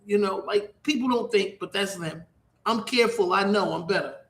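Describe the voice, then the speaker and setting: A man's voice: high voice, moderate pace, fairly bright tone, slight background noise. A middle-aged man hosting a radio talk show, rambling in a profane, repetitive way. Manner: rambling, profane, repeats himself. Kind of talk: casual rambling monologue. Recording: echoey room.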